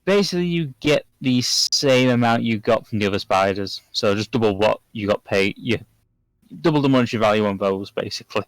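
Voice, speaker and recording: A man narrating as game master of a tabletop game, relaxed and laughing along with his players. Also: fairly low pitch, fairly quick, no room sound, rough recording.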